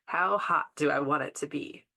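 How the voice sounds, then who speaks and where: Low, gravelly woman, calm and measured. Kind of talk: casual spiritual conversation.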